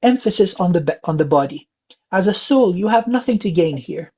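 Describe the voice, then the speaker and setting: A man from England giving a calm spiritual reading, speaking gently with many filler sounds. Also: sits high, brisk, slightly rough. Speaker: spiritual reader. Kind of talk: psychic reading session. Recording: dull lo-fi sound.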